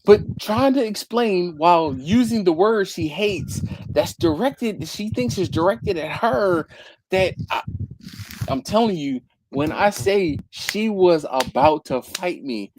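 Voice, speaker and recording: A man's voice: high-pitched, expressive, slow, a little mellow, a little hiss or hum, low-quality recording. A man from Philadelphia with a Philadelphia accent, telling stories in a casual chat on a live barbecue stream, laughing often and repeating himself.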